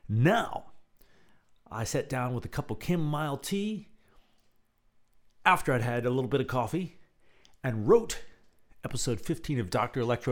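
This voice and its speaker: A man hosts his own show and reads out a story he wrote. He talks in a relaxed, chatty way, with a lively voice that rises and falls a lot in pitch. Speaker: podcast host and storyteller. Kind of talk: casual chat and audio story narration.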